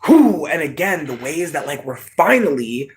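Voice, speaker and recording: A man in a rambling, casual monologue, swearing freely and laughing, dropping to a murmur and then bursting into shouts. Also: fairly high pitch, moderate pace, noisy background. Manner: profane, laughing, sudden shouts; animated, swings between murmur and yelling.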